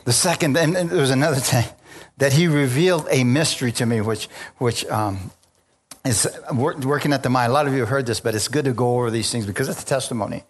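A man's voice: mid-range voice, quick pace. A man preaching and telling his own conversion story, calling out to the congregation as he goes. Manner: animated storyteller, calls out to congregation. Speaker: preacher giving a testimony. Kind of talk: sermon testimony.

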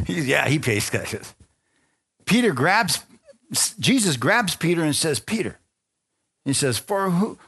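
A male pastor preaching a lively sermon, retelling a Bible story playfully and often asking his congregation for an amen. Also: a little high. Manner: excitable, playful storytelling with call-and-response.

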